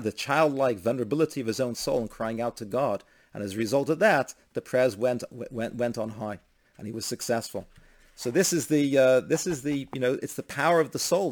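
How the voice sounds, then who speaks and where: A man giving a storytelling holiday sermon in a loose, conversational way. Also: mid-range voice. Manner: conversational, many restarts, rising to emphatic blessing.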